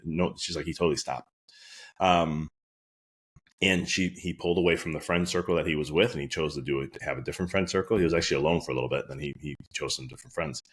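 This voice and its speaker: A man's voice: a bass voice, husky. A man, a chiropractor hosting a podcast, telling earnest patient stories in a casual monologue. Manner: anecdotal, earnest storytelling.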